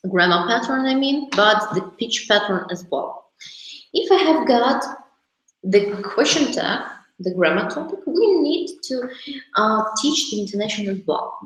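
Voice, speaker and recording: A woman teacher trainer presenting classroom activities to a group of teachers, explaining step by step with frequent fillers and restarts. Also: fairly high pitch. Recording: very echoey room.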